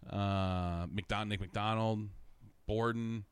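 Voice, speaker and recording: A man's voice: on the low side, fairly even intonation, drawn-out words, clean tone, no room sound. A young man telling a rambling story in casual chat, swearing constantly and laughing through his own stories.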